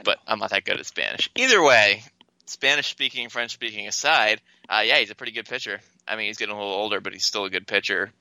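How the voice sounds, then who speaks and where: A man co-hosts a relaxed baseball podcast in a lowish, strikingly bright and forceful voice. The sound is dry and close, with no room around it. He gives matter-of-fact takes and ribs his partner. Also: fast, dry recording, low-quality recording. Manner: teasing, matter-of-fact opinions. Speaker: podcast co-host. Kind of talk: casual sports chat.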